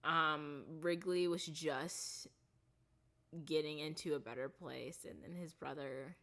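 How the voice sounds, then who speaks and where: A woman vlogger recapping a TV series in casual, rambling chat, full of fillers and restarts, softening her voice on the sad parts. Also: low-pitched, fairly even intonation, slow pace.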